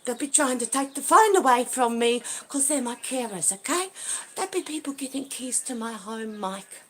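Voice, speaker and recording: A high-pitched woman films herself on a handheld phone outdoors in her backyard. She rants and swears, swinging from loud, furious outbursts down to low, muttered asides. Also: lively intonation, normal speed, a little hiss or hum. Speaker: livestreamer. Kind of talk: agitated livestream rant.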